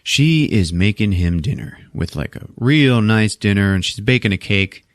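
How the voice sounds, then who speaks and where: A man's voice: on the low side, lively intonation, moderate pace, dry recording, studio quality. A man casually recapping a movie on a podcast, swearing a lot and acting out the characters' lines in put-on voices. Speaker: podcast host recapping a film.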